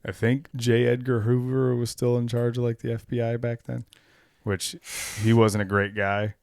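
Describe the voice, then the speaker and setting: A man's voice: mid-range voice, moderate pace, vocal fry, no room sound, studio quality. Laughing, swearing podcast co-host man. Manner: reads documents aloud, laughs often, swears, gets animated. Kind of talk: casual chat.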